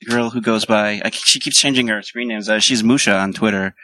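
A man's voice: lowish voice, steady tone, a little fast, sharp tone, no echo, low-quality recording. A man, a voice actor appearing as a podcast guest, chatting playfully and laughing often into a handheld mic. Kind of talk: casual chat. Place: fan convention hotel.

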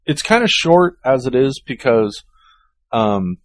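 A man's voice: medium pitch, animated, slow. A man co-hosting a casual chat, hesitant and full of restarts. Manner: hesitant, many ums and restarts. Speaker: podcast co-host.

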